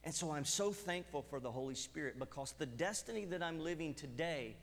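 A man's voice: fairly high pitch, a little fast. A middle-aged man preaching a sermon and telling his own story, acting out bits of dialogue. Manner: animated storytelling with acted-out dialogue. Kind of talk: sermon with personal testimony. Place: church hall. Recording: long hall reverb.

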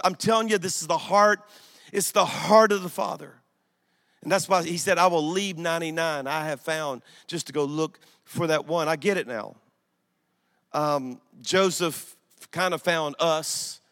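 A middle-aged pastor preaches with a bright, forceful edge to his slightly high voice. He swings from loud emphatic storytelling to hushed asides. His sermon rings with the long reverb of a church sanctuary.

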